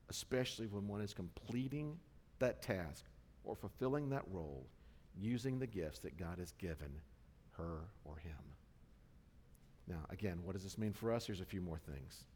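A man's voice: low voice, animated, moderate pace, a little mellow, slight background noise. A male pastor preaching a sermon in a conversational, self-deprecating way, often checking in with the congregation. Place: church sanctuary. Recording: long church hall reverb.

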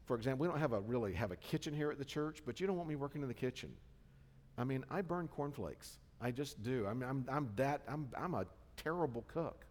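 A man's voice: medium pitch, lively intonation, a little fast, darkish tone. A male pastor preaching a sermon in a conversational, self-deprecating way, often checking in with the congregation. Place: church sanctuary. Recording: long church hall reverb.

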